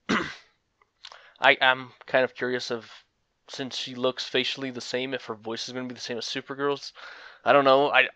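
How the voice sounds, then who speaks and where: A man's voice: mid-range voice, bright, forceful tone, no room sound, dull audio. A young man giving casual, rambling commentary on a fighting game, with frequent fillers and chuckles. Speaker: gaming commentator.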